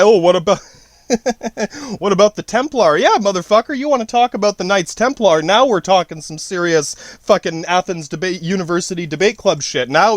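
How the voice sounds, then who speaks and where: A man's voice: a little high, no room sound. A man giving a rambling solo podcast monologue, profane and slangy, jumping between tangents with many restarts. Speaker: podcast host.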